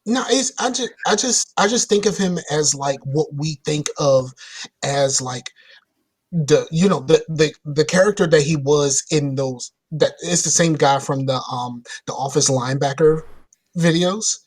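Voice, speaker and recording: A man's voice: fairly high pitch, measured pace, slightly rough. A man co-hosting a casual podcast, talking about video games in a rambling way with many restarts. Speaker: podcast co-host. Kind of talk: casual gaming chat.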